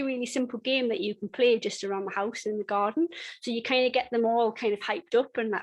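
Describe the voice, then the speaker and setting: A middle-aged woman giving a dog-training webinar in a chatty, conversational way, with frequent restarts and lively bursts when acting out games. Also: fairly high pitch, brisk, rough recording. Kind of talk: webinar teaching.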